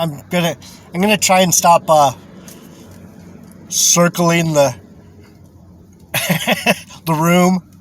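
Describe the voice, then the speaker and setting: A man's voice: fairly high pitch, a little hiss or hum. A man giving rambling religious commentary, chuckling often, repeating himself and swearing.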